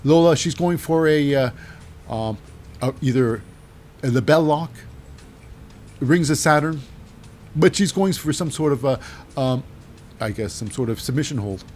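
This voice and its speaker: A man's voice: medium pitch, animated, a little slow, long pauses, darkish tone, slight background noise. A man casually recapping wrestling matches in a rambling, wry way with lots of fillers.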